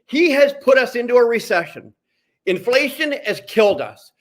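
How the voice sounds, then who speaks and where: Man, from Canada, high-pitched, heated, cursing, repetitive livestream rant. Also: very animated, moderate pace. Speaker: streamer.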